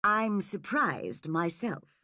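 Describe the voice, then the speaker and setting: A woman voicing a firm but kind middle-aged guardian who speaks calmly in a storybook reading. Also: mid-range voice, slow, no room sound, studio quality, full character voice. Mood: firm, gentle. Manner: calm and firm.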